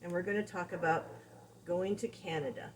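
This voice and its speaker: A woman's voice: fairly low pitch, normal speed, very noisy. A woman dog trainer giving a casual, conversational lesson, explaining with everyday examples. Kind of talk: instructional talk.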